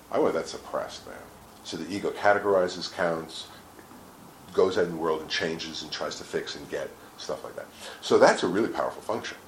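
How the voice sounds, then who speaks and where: A man with a very deep, gravelly voice, talking as a guest in a relaxed chat. His pitch swings widely as he acts out little scenes and swears without a second thought. The sound has an echoey room to it with faint hiss underneath. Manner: animated storyteller, acts out quotes, swears casually. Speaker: interview guest. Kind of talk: casual explanatory talk.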